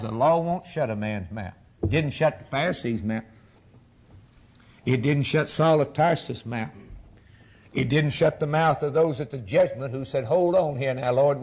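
An older man preaching a sermon, building from quiet statements to fervent, rising appeals. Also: mid-range voice. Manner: preaching with rising fervor and sudden drops.

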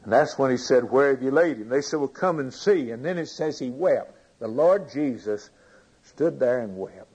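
Husky-voiced man preaching a sermon. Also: medium pitch, lively intonation, moderate pace, darkish tone, poor audio. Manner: reads scripture aloud and comments, asking the congregation questions.

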